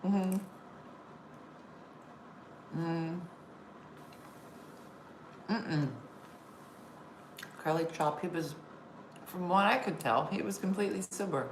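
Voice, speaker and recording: A chatty woman comedian hosts a casual live stream, spinning stories and answering viewers' comments. Her voice sits a little low, and the room around her rings with a faint hum of background noise. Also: slow, long pauses, echoey room. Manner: chatty storyteller reading viewer comments aloud. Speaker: comedian hosting a live show.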